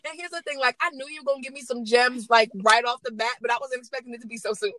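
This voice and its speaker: A woman hosting a casual podcast interview, lively and slangy, laughing often. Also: fairly high pitch, fast talker, rough recording. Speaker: podcast host and baker.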